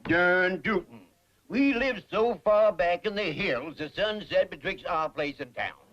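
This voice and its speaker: An actor playing a blunt, newly rich hill-country husband in a 1960s sitcom, with a drawl. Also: male voice, high-pitched, animated, a little slow. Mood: folksy. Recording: muffled noisy old TV soundtrack.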